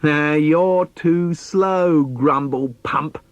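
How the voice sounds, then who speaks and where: A man's voice: on the high side, drawn-out words, no room sound, muffled recording. A man voicing a cheeky little boy who taunts in a sing-song chant, in a dry, close recording. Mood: teasing.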